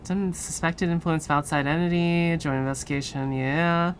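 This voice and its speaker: A woman streamer chatting casually with her viewers, cursing freely and laughing often. Her voice is deep for a woman. A faint background hum sits under it. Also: fairly even intonation, normal speed. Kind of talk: casual live-stream chat.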